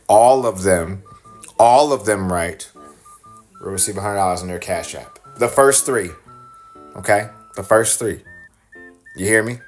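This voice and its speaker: Man, low voice, put-on British accent, teasing, repeats each instruction. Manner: repetitive step-by-step instructions, teasing. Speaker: podcast host. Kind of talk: recorded promo announcement.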